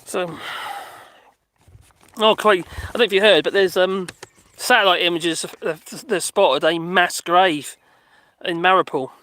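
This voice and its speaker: A man's voice: sits high, steady tone, unhurried, pauses often, bright, forceful tone. A man chatting casually and rambling through a live stream on a dog walk, reading out viewer comments and talking to his dogs. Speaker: vlogger reading live chat.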